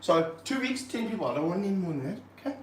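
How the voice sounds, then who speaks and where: Excitable man in an echoey room. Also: sits high, very fast, a little hiss or hum. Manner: excitable, jokey, slangy. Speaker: reptile park owner and streamer. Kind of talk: casual livestream chat. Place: indoor reptile room.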